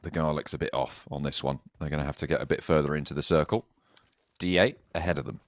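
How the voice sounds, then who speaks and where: A man casting an esports match, calling the action in quick, bantering play-by-play. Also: very deep voice, fairly even intonation. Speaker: esports caster. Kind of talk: play-by-play commentary. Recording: faint game noise behind.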